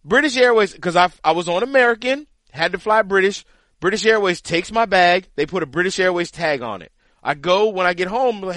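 A man co-hosting a podcast, telling a story in casual chat with an animated, exasperated manner. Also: high-pitched, a little fast, no room sound. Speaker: podcast co-host, the caddie.

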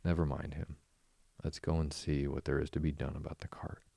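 Man reading as storybook water rat, stern, firm, sharp, deep bass, dry close sound. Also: flat delivery, brisk, creaky, no room sound, heavily acted. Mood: firm exasperation.

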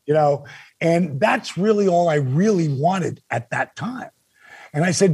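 An older man with a gravelly, husky voice, pitched a little high for a man, tells stories as a podcast guest. He gets animated and swears freely. The recording is close and dry. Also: normal speed, dry recording. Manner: animated, swears freely, acts out quoted dialogue. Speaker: podcast guest, former wrestler. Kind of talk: casual podcast storytelling.

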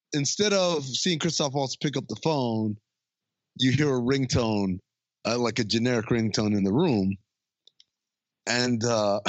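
A man's voice: medium pitch, no echo, lo-fi sound. A man in casual chat narrating a comedy film's plot with a chuckle now and then. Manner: storytelling, lively, chuckling. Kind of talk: casual movie recap chat.

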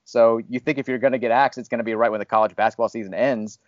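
A man with a medium-pitched, steady voice talks fast, and the recording has no room sound and cut-off highs. He hosts a casual podcast, speaking candidly, rambling a bit and poking fun at himself. He's from the Louisville, Kentucky area and is a podcast host who was fired from radio.

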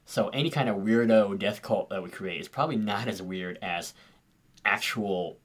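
A man's voice: lowish voice, moderate pace. A man co-hosting a casual podcast chat about tabletop games, talking loosely with frequent "right" and "you know". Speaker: podcast co-host.

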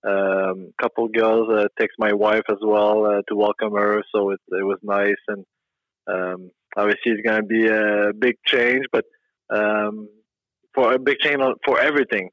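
A man's voice: lowish voice, flat delivery, no room sound. French-Canadian man on a dull line. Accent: Québécois French. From Quebec. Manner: halting, friendly, many fillers. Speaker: hockey player guest. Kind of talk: remote interview.

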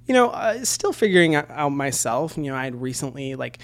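A man's voice: mid-range voice, big pitch swings, brisk, creaky, a bit bright. A man in his twenties hosting a podcast, chatting earnestly and openly with his guest, with lots of "you know" and "like.". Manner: earnest, chatty, frequent fillers. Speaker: podcast host. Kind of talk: casual interview chat.

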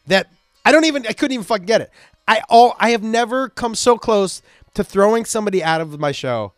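A middle-aged man, a stand-up comedian, talking in a casual, profane monologue that bursts into loud rants. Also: sits high, normal speed, long pauses, dry recording, studio quality, faint music behind. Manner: profane, animated ranting with loud outbursts.

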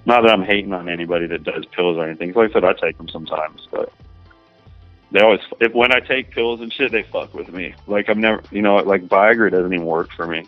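A man talking casually in an interview, rambling and crude, filling every pause with "you know" and "man". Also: low-pitched, no room sound, narrow, tinny audio, soft background music. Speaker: adult film performer guest.

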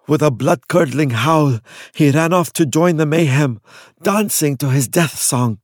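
A man's voice: on the high side, no room sound. Dry-voiced male horror story narrator. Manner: measured, dark storytelling. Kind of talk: dramatic audiobook narration.

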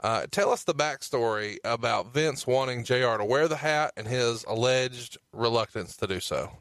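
A man's voice: mid-range voice, moderate pace, a bit bright, no room sound. A man co-hosting a podcast, reading quotes and prompting his partner with questions in a casual chat. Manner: prompting, reads quotes, plugs. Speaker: podcast co-host.

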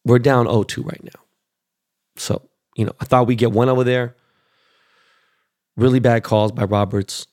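A man in his forties from Los Angeles, ranting about sports in a blunt, profane, excitable way as a show host. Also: mid-range voice, moderate pace, pauses often, no room sound, studio quality. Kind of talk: casual sports rant.

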